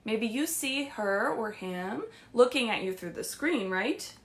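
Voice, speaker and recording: Slow, sing-song woman librarian reading aloud. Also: on the high side. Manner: sing-song, animated storytelling with questions to kids. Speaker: children's librarian. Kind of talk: reading picture books aloud to children. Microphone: streamed live.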